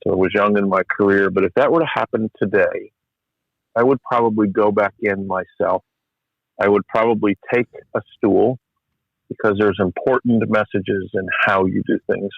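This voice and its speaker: Middle-aged male physician guest, reflective and candid, slightly low voice, close dry mic. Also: gravelly, no echo. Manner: candid, reflective, self-deprecating. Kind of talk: conversational podcast storytelling. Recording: slightly muffled podcast audio.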